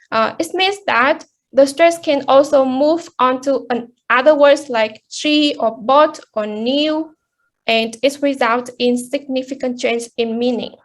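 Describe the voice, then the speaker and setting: Slow, high-voiced woman presenting. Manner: explanatory, with restarts. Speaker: student presenter. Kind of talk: class presentation.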